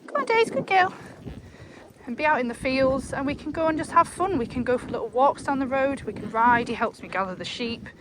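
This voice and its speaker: A woman's voice: fast talker, few pauses, background noise. A woman chatting casually to camera while riding through fields, cooing at her animals. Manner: chatty, coos to animals in a high sing-song. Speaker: farm vlogger. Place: outdoors in fields on horseback. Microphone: chest cam.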